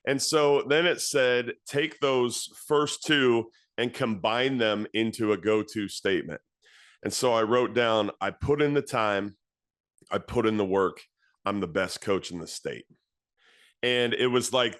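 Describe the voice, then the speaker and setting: A man's voice: medium pitch, expressive, normal speed, a bit bright, no room sound, studio quality. A man, a football coach in his thirties, telling a story in an earnest, storytelling way and repeating phrases for emphasis. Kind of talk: motivational talk to coaches.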